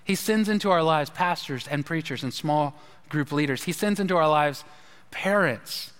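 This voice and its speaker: A pastor with a notably high voice delivers his sermon in a relaxed, chatty manner, spinning stories and tossing in asides. His words ring out with a long reverb, as if in a large church sanctuary. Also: normal speed. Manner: conversational, storytelling with asides.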